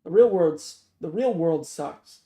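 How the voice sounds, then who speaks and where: A man's voice: a little high, animated, slow pace, warm tone. A man voicing a blunt, teasing seventy-year-old security guard and former patrol cop with a Philadelphia accent, in a read-aloud novel. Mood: gruff teasing. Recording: roomy echo.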